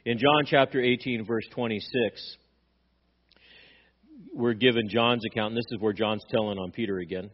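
A man's voice: on the low side, fairly even intonation, moderate pace, long pauses, highs cut off. A male pastor preaching a sermon, asking rhetorical questions and acting out quoted dialogue with emphasis.

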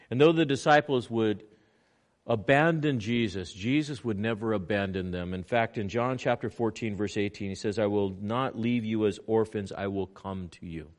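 A man preaching a sermon, animated, acting out little scenes in quoted voices. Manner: animated preaching with swings in pitch and loudness. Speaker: pastor.

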